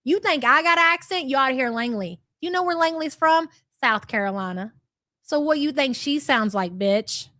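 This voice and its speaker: A woman in her thirties with a light country twang hosts a livestream. She reads out viewer chats in a high, brash, sarcastic and profane way. Her voice sounds dry and close, with no room around it. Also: animated, moderate pace, pushed and bright, no echo. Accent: light American country twang. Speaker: livestream host.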